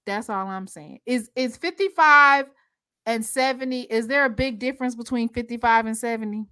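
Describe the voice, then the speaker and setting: A lively woman hosts a casual sports chat on a live stream, quizzing her guests with a teasing edge. Her voice sits fairly high and sounds dry and close to the mic, with no room around it. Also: normal speed, clean tone, dry recording. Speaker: host.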